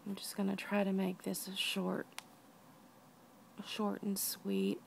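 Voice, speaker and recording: A weak, out-of-breath woman lying down at home, talking softly in a personal video diary and often dropping to a whisper. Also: medium pitch, monotone, takes it slowly, creaky, a little hiss or hum. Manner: tired, soft-spoken, often drops to a whisper. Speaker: vlogger.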